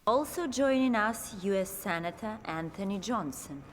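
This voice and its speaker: An actress with an Eastern European accent plays a cool, menacing teleporting mutant woman, speaking in a cold, clipped, commanding way over loud film music. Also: medium pitch, lively intonation, normal speed, a little hiss or hum, close to an everyday voice. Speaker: villain's henchwoman in a short film. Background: loud film score.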